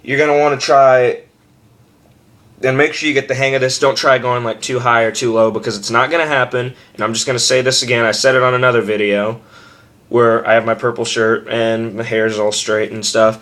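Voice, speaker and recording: A man's voice: medium pitch, steady tone, a little fast, fairly bright tone. Young man, casual vocal tutorial, rambling, profane, self-mocking, home camera mic. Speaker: screaming tutor.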